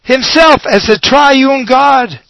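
A man preaching a sermon, slow and emphatic, leaning on dramatic pauses and repeated words. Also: very high voice, creaky, a bit bright, dry recording, rough recording.

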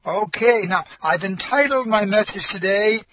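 A man pastor preaching a storytelling sermon in a folksy, halting way, full of fillers and repeats. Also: high voice, dull audio, noisy background.

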